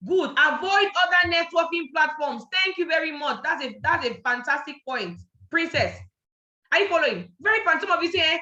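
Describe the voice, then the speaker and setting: A woman's voice: high voice, lively intonation, normal speed, sharp tone. A Nigerian woman giving a motivational network marketing training, emphatic and repeating her points as she checks that listeners are following. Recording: echoey, dull lo-fi sound.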